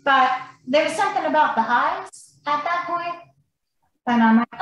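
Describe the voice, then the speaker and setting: Woman, high voice, animated blunt storyteller, swears, very echoey room, faint background noise. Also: moderate pace. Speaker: podcast guest. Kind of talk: casual storytelling.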